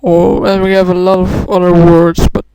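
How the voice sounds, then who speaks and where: A woman's voice: lowish voice, level tone, moderate pace, mellow, smooth, low-quality recording. A woman who is a native Dutch speaker and has a cold rambles casually, trying out a Scottish accent and correcting herself often. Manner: rambling, self-correcting, many fillers. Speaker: club member vlogger.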